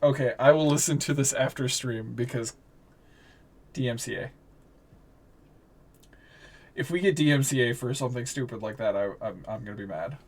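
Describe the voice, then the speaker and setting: A game master narrating a tabletop game in a relaxed, rambling way with many fillers. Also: mid-range voice, normal speed, pauses often, slight background noise.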